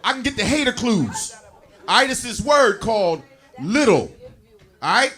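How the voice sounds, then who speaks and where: A man in his forties doing a loud, punchy stand-up routine, acting out voices for his aches. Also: high voice, sing-song, moderate pace, slightly rough. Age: 40s. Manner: loud, punchy, acts out body parts talking. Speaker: stand-up comedian.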